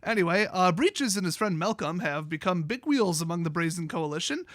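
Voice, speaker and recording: A man's voice: high-pitched, lively intonation, brisk, a bit bright, dry recording, studio quality. A man with a Wisconsin accent, hosting a comedic review and reading passages aloud with sarcastic, joking asides. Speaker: YouTube host. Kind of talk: comedic card lore review.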